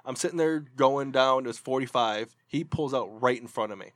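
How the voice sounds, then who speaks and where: A man telling a story in casual podcast chat, profane and animated. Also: medium pitch, normal speed, no echo. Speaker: podcast co-host.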